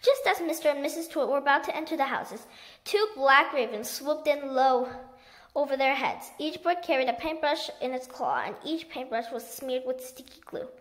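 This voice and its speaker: A woman reading a children's book aloud in a lively storytelling manner. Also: high-pitched, moderate pace. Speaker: storybook reader.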